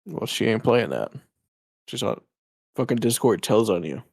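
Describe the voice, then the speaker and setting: A man's voice: fairly low pitch, very animated, moderate pace, gravelly, darkish tone, dry recording. A man co-hosting and editing a casual podcast, rambling and cursing freely over a home mic on a voice call. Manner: profane, rambling, trails off and restarts. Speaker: podcast co-host and editor.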